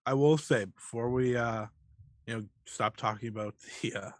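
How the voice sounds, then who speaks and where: Man, podcast co-host, casual excited chat, mid-pitched voice, dry close sound. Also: no echo. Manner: excited, swears casually, quick asides.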